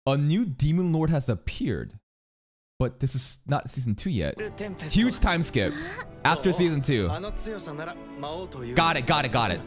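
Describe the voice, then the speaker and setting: A man reacting live to an anime episode, excitable and swearing, often shouting questions at the screen. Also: on the high side, a little slow, long pauses, music in the background.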